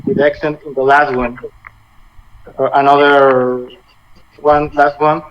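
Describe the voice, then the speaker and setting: A man in his twenties teaching a language lesson over a video call, halting and often rephrasing as he explains. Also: medium pitch, little pitch movement. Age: 20s. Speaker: Spanish teacher. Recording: muffled video call audio with faint noise.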